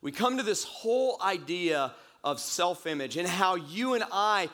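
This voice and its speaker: A pastor recovering from a cold, preaching a conversational sermon in church and repeating key phrases slowly for emphasis. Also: male voice, high voice, expressive, a bit bright.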